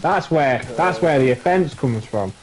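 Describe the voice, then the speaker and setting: A man's voice: a little high, expressive, a little slow, a crowd in the background, low-quality recording. A man with a Yorkshire accent chatting bluntly and swearing casually. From Yorkshire, England. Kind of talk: casual chat.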